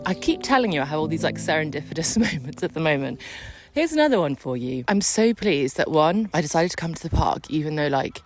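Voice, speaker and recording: A woman's voice: low-pitched, sing-song, fairly quick, music in the background. A young woman chatting casually in a lifestyle vlog while out on a run in a park, out of breath, bubbly and laughing often. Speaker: lifestyle vlogger. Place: park outdoors.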